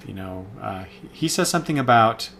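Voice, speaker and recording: A man's voice: lowish voice, expressive, a little fast, creaky, a bit bright, a little hiss or hum. A man giving a casual, rambling spoken review of comics, full of fillers and self-corrections.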